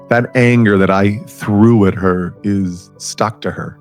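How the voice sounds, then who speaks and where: A man's voice: on the low side, slow pace, soft background music. A middle-aged man telling his own story and giving advice to the viewer in an earnest, rambling way, often asking direct questions. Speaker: self-help speaker. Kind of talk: personal story and advice to camera.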